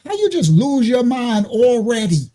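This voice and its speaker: A man hosting a ministry stream, preaching casually in animated slang and laughing often. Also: very high voice, a little slow. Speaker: ministry host.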